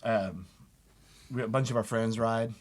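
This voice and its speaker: A man's voice: medium pitch, unhurried, a little mellow. A man, co-hosting a casual podcast, joking around and swearing a lot. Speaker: podcast co-host. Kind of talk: casual banter.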